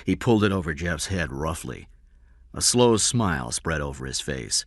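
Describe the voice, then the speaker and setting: A man reading a story aloud, narrating in a steady voice. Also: rumbling low, normal speed, dry recording, studio quality.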